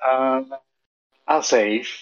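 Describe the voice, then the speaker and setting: A man's voice: mid-range voice, wildly swooping pitch, very slow. A man playing in a tabletop game session, hesitant and trailing off mid-thought. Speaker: player. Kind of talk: casual tabletop game chat. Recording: slightly dull lo-fi mic.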